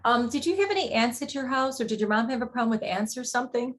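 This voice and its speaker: A woman hosting a show as a psychic medium, asking quick probing questions in a chatty live reading. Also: on the high side, lively intonation. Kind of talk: relaying messages in a live reading.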